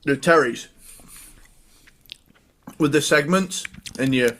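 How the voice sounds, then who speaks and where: A man's voice: on the high side, slow pace, fairly bright tone, a little hiss or hum. A man co-hosting a casual podcast chat from a home recording room, jokey and sweary, with lots of fillers and laughter. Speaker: podcast co-host.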